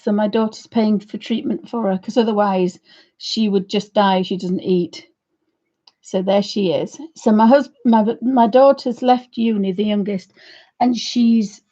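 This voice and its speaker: A woman in her fifties, hosting an art livestream from her home studio, chatting in a rambling, friendly way with a croaky voice. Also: a little high, mellow, muffled recording. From United Kingdom. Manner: chatty, rambling, talks fondly to her dog. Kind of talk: casual chat to viewers and pets.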